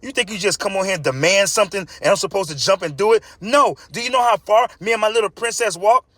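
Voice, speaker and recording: A man's voice: sits high, fast talker, a bit bright, dry recording, pitched above the performer's own voice. A man voicing a rude, haughty woman passenger who scolds in a raised voice. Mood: indignant. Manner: indignant, scolding.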